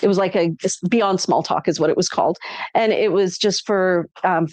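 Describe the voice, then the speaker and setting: A woman co-hosting a casual live stream, animated and acting out what people say. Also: on the low side, normal speed, no room sound. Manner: animated, acts out quotes. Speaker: shop live-stream co-host.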